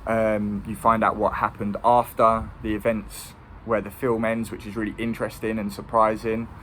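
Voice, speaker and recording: A man's voice: fairly low pitch, flat delivery, moderate pace, fairly bright tone, a little hiss or hum. A man giving a casual, rambling film review. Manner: rambling, with many ums and restarts.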